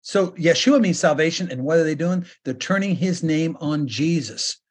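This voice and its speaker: A man preaching a sermon as pastor, earnest, slowing down and lifting his voice to stress points. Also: a little high, slightly rough. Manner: earnest preaching that slows and rises for emphasis.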